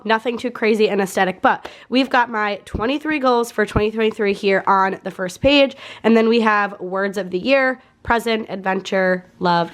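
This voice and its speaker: A young woman vlogging to camera, talking in an earnest, heartfelt way with a frequent "like". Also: mid-range voice. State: tearful at moments. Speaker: YouTube vlogger. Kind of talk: casual talk to camera.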